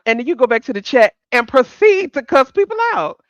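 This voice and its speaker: A woman hosting a live stream, chatting casually with her audience in a blunt, profane and animated way, laughing often. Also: on the high side, fast, no echo, clean studio sound. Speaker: livestream host.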